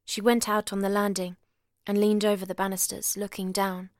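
Female reader, literary novel narration, measured and soft, mid pitch, dry booth sound. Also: level tone, dry recording. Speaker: audiobook reader. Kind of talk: reading a novel aloud.

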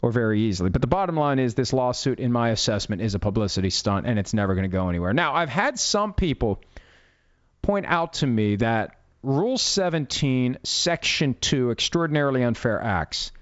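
A man's voice: mid-range voice, expressive, a little fast, no room sound. A man giving blunt, emphatic legal commentary with a sarcastic edge. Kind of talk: opinionated commentary. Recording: dull lo-fi dry audio.

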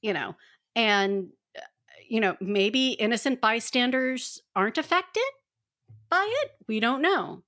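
A woman's voice: on the high side, lively intonation, a little slow, pushed and bright. A woman co-hosting a casual fan podcast, talking animatedly and acting out characters' lines as she retells scenes. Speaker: podcast co-host.

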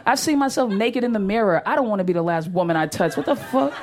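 A woman's voice: mid-range voice, lively intonation, fast, a little mellow. A woman doing a brash, profane stand-up comedy set on stage, talking animatedly and laughing often. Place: comedy stage before an audience.

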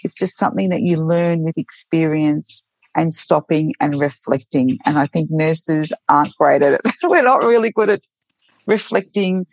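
A woman's voice: sits low, moderate pace, no room sound. A woman who works as a nurse, telling heartfelt stories from her work in an earnest, reflective way with frequent restarts. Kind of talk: reflective storytelling interview.

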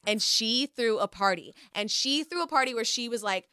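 A young woman hosts a casual chat and tells a long, lively story, dropping into quoted voices as she goes. Her voice is bright and forceful with a smooth, crisp tone, and the recording is dry and close. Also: a little high, normal speed, no room sound.

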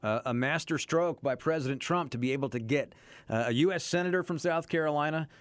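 A man's voice: a little high, brisk, no room sound. A man hosting a morning radio show, chatting casually about politics and chuckling between points. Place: radio studio.

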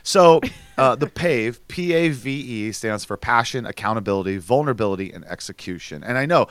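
A man's voice: mid-range voice, brisk, dry recording. Chatty man, dry close mic. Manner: chatty, animated storytelling with restarts. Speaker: podcast co-host. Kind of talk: casual chat.

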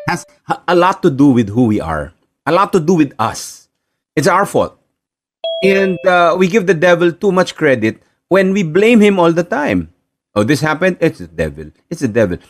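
A man with a Filipino accent preaching a sermon, animated and repeating key phrases for emphasis. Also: a little high.

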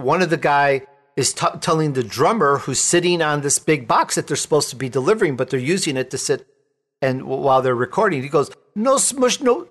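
A man from Chicago hosting an interview show, chatting casually and telling jokey stories. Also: fairly high pitch. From Chicago, USA. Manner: jokey, animated storyteller. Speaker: talk show host.

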